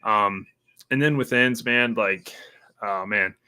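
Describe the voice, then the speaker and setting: A man's voice: fairly low pitch, slow pace, clear, resonant tone. A young man chatting casually as podcast host, swearing a lot and mocking lines in exaggerated voices. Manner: profane, animated, mocks film lines in exaggerated voices. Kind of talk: casual chat.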